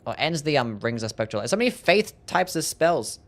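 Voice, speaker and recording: A man with a mild Australian accent streaming a game and chatting casually with viewers in a relaxed, jokey way. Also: a little high, moderate pace. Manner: relaxed, jokey, reads and answers chat. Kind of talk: casual live-stream chat while gaming.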